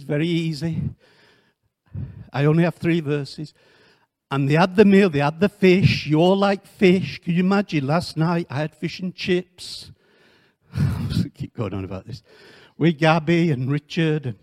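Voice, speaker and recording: A man preaching a sermon in church, animated, putting questions to the congregation and making joking asides. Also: a little high. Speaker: missionary preacher.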